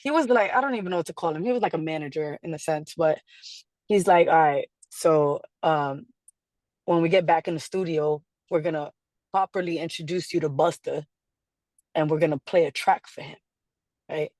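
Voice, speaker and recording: A woman being interviewed, telling a story in a casual, animated way, acting out quotes and laughing often. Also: sits low, moderate pace, no room sound. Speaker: guest artist.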